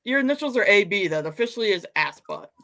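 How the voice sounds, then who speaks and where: A woman co-hosting a casual chat, mostly giving short, dry replies of agreement and quick jokes. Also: medium pitch, expressive, fairly bright tone. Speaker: co-host.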